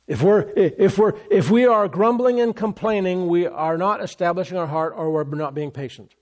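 A man preaching a sermon as a pastor, animated, acting out complaining voices along the way. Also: high voice, moderate pace.

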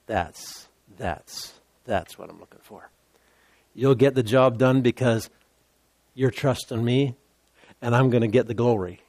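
A man voicing God as a calm, approving male deity who speaks low and unhurried. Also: no echo.

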